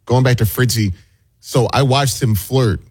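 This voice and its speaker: A man's voice: medium pitch, a little slow, a little mellow, breathy edge, no echo. A man who is a regular on a talk show, telling an anecdote in a dry way. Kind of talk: casual on-air anecdote.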